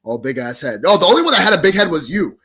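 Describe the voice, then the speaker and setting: Shouting, accusing high-voiced man. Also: sing-song, rapid-fire, slightly rough. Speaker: professional wrestler guest. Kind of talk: heated in-character wrestling promo.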